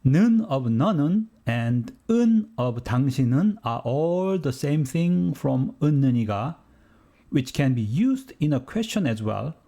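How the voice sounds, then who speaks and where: A man's voice: mid-range voice, animated, brisk, vocal fry, dark tone. A man giving a scripted language lesson, explaining steadily with the odd joking aside. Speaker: language teacher.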